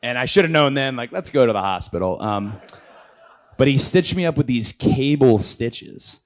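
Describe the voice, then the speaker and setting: Animated man telling a story. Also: mid-range voice, normal speed. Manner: animated storyteller, acts out quotes in raised voices. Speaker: interview guest, pro wrestler. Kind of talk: casual anecdote telling.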